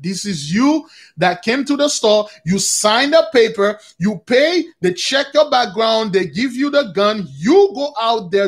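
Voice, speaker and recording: A man with a notably high voice hosts a loose, informal livestream talk on spiritual matters. He rambles and circles back over the same points, again and again addressing his listeners as brothers and sisters. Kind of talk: casual spiritual talk to viewers.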